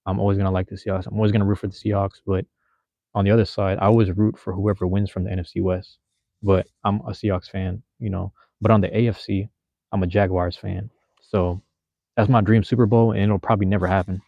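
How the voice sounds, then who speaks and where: Laid-back, slangy low-voiced male streamer. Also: flat delivery, fast, gravelly, dry recording, dull audio. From Seattle. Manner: loose, slangy, drops profanity, addresses chat. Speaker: livestream host. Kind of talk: casual livestream chat with viewers.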